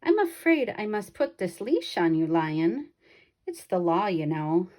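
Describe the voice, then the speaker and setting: A woman voicing a smooth-talking male circus showman who coaxes in an overly polite way. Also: on the low side, sing-song, measured pace, darkish tone.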